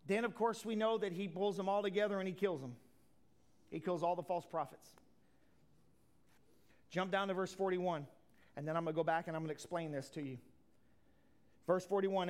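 A pastor with a voice that sits high preaches a sermon, swinging from loud declarations to hushed asides. His speech is folksy and plain.

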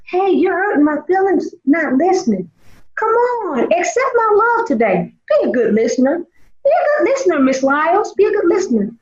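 A woman puts on a tender Jesus voice that coaxes a stray child home. It sits high and soft, swinging up and down in a pleading sing-song. The sound is roomy and a little dull. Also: sing-song, moderate pace. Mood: coaxing. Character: gentle, kind Jesus coaxing a wandering child.

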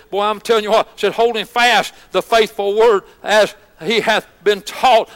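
A man's voice: high voice, a bit bright, long reverb tail. A man pastor, preaching a folksy, story-driven sermon that rises into fervent exhortation. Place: church sanctuary.

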